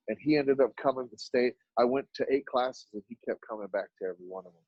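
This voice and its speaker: A man's voice: fast, breathy edge, dry recording, muffled recording. A man from Dallas, a guest on a podcast, telling stories in a conversational way and acting out the lines of the people in them. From Oak Cliff, Dallas, Texas. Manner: animated storyteller who acts out dialogue with sudden jumps in pitch. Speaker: podcast guest, artist and business owner. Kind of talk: storytelling in a conversational interview.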